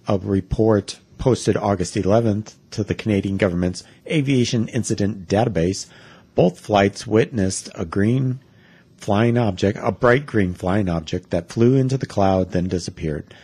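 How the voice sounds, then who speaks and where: A young man co-hosting a chatty podcast, reading a news report aloud in a dry, matter-of-fact way. His voice is low with a husky edge. The sound is close and dry, with no room around it. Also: unhurried, dark tone, no room sound. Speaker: podcast co-host. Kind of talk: casual chat, reading news.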